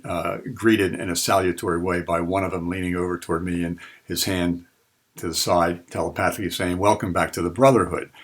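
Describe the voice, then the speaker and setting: A man giving a spiritual talk, telling personal experiences in an earnest, unhurried way. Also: deep voice, a bit bright. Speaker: spiritual teacher.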